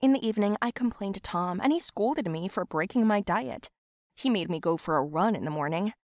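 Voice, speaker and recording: Expressive woman narrating an animated story. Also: mid-range voice, fairly quick, dry recording, studio quality. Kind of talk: scripted first-person story narration.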